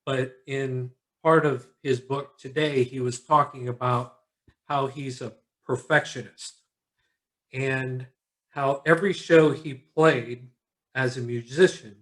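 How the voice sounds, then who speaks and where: A tired man hosting a casual video call chat, relaxed and encouraging, rambling a little. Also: mid-range voice. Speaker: host.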